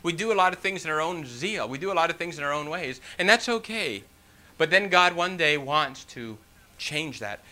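Bright-voiced male preacher. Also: a little high, normal speed. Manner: reads scripture, then preaches with animated emphasis and rhetorical questions; folksy asides, frequent "you know". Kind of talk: sermon with scripture reading.

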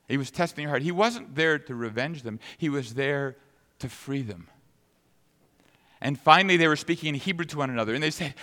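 A man preaching a sermon, retelling a scripture story with dramatic, animated delivery. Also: fairly high pitch, brisk. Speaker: pastor. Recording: long reverb of a large hall.

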